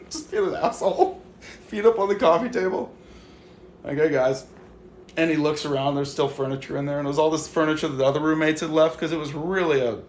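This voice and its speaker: A young man telling a story on a live stream in a casual, animated way, swearing freely and acting out what he said to others. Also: on the high side, echoey room, a little hiss or hum. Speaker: livestream host. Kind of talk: casual livestream chat.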